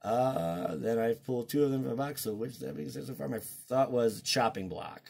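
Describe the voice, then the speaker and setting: A man hosting a card-opening video in a casual, excitable way, swinging from hushed talk to shouting. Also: mid-range voice, moderate pace, gravelly.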